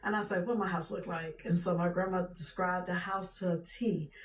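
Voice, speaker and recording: A woman's voice: on the low side, fairly even intonation, moderate pace. A woman telling a personal story in a casual, chatty way, often circling back with "she said" and "for real.". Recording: echoey room with faint background noise.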